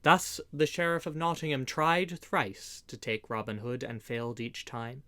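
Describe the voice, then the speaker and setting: A man narrating an old-fashioned adventure story, reading it aloud in a measured, expressive way. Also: mid-range voice, dry recording. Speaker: audiobook reader.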